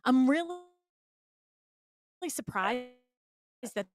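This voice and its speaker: A woman with a New England accent hosting a radio show, talking in a chatty, animated way with lots of examples. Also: sits high, very slow. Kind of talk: casual radio chat. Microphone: studio mic.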